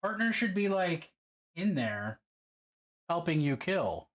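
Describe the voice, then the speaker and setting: A man's voice: fairly high pitch, very animated, slow. A man chatting casually on a livestream while painting miniatures, swearing freely and reacting to viewer comments.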